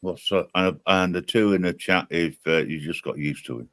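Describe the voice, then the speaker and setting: A man's voice: deep voice, moderate pace, a bit bright, no echo, studio quality. A man hosting a casual live stream chat, teasing his guests and laughing at his own jokes.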